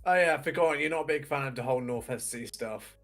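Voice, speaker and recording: A man's voice: mid-range voice, quick pace, a bit bright, soft background music. A man with a Bristolian accent co-hosting a casual chat, rambling and restarting often. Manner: rambling, many restarts and fillers. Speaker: co-host.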